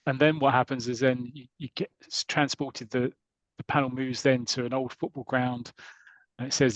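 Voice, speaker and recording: A man hosting a podcast chats through a comic story, stopping and restarting as he goes. He reads short passages aloud at a middle pitch. The sound is dry and close. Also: flat delivery, normal speed, no echo, lo-fi sound. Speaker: podcast host. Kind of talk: casual podcast chat, retelling a comic story.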